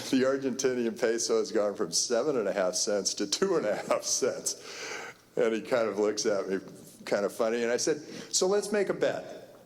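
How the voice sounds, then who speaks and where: At a conference, a keynote speaker with a lowish, darkish voice tells a rambling anecdote. His storytelling is full of fillers and restarts. A long hall reverb surrounds the recording.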